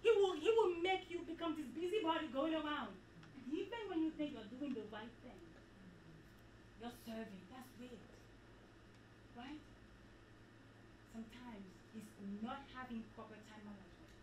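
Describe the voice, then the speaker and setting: High-voiced woman preaching at a women's retreat, lively and repetitive, roomy hall sound, mic a bit far. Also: normal speed, pauses often, noisy background. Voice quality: animated, preachy, repeats herself for emphasis. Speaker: retreat speaker. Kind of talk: motivational talk to a women's group. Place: event hall. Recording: echoey hall, speaker off-mic.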